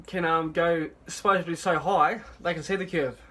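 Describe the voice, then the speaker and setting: High-pitched man, halting and assertive, talking to camera. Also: fairly even intonation, bright, forceful tone. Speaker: flat earth video maker. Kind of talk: monologue clip.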